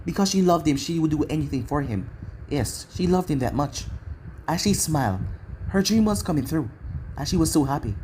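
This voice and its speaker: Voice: mid-range voice, animated, moderate pace, darkish tone, slight background noise, rough recording. A reader narrating a fan story aloud, voicing every character in the same voice and running lines and tags together.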